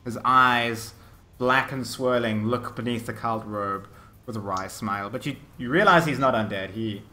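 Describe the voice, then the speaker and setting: Bright-voiced man narrating a game. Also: medium pitch, normal speed, slight background noise. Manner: vivid descriptive narration with frequent restarts. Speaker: game master.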